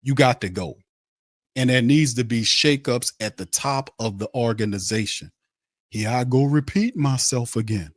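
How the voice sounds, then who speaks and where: A man hosting a sports podcast rants angrily about his team, mocking its players and repeating himself in a heated tirade. His voice is medium-pitched at a moderate pace, recorded with clean studio sound and no echo.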